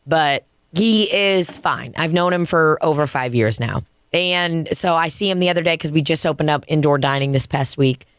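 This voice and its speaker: Profane, animated woman telling a story. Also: sits low, moderate pace, few pauses, clear, resonant tone, no echo, studio quality. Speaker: podcast co-host and comedian. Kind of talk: casual podcast chat and storytelling. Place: dining room.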